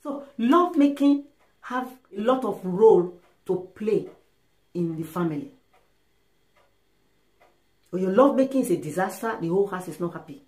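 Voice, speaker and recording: A woman's voice: mid-range voice, normal speed, pauses often. Emphatic woman giving advice in an echoey room. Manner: emphatic, animated, acts out little dialogues. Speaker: relationship and sex advice speaker. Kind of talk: casual advice monologue. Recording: roomy echo.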